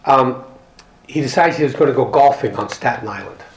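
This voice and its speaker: A man's voice: mid-range voice, brisk. Earnest man in a roomy hall. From Canada. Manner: earnest, reflective storytelling with wry humor. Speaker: speaker at a recovery group meeting. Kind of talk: personal talk reading from a book.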